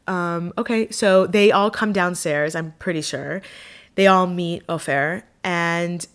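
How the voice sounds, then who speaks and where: A woman casually telling a personal travel story to camera, chatty and animated, with many fillers. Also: on the low side, a little slow, smooth. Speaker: vlogger.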